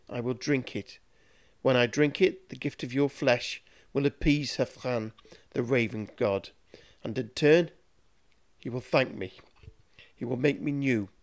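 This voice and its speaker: A man's voice: medium pitch, fairly even intonation, a little slow, lightly acted. Cruel scheming warlock master, gloating and menacing, read by a male narrator.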